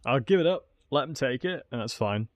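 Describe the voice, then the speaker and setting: A man giving casual, excitable commentary while streaming a strategy game and talking to his chat. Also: medium pitch, a little fast, dry recording. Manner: chatty, excitable, talks to chat.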